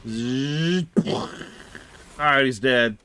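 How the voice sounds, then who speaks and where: A man's voice: medium pitch, very slow, pushed and bright, a little hiss or hum. A man streaming a game, reading quest text aloud and adding sarcastic asides. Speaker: game streamer and lore reviewer. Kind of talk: live commentary while playing.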